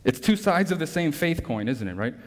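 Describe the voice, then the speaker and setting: Male pastor, slightly raised pitch, emphatic sermon delivery, long church reverb. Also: very animated, brisk. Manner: emphatic preaching with frequent rhetorical tag questions. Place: church sanctuary. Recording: long reverb from a large hall.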